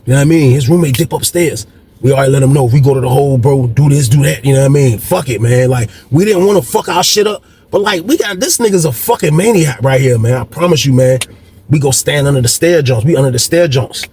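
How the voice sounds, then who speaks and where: A man's voice: medium pitch, fast, darkish tone. A man casually telling a story from his past in slangy, profane talk, repeating himself often.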